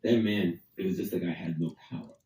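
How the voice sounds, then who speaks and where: An older man with a low, very dark voice tells a long story in conversation. He acts out every quoted line. He sits well back from the mic in an echoey room. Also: steady tone, brisk, recorded from a distance, slight background noise. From Harlem, New York. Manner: vivid, acts out quoted dialogue. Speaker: guest storyteller.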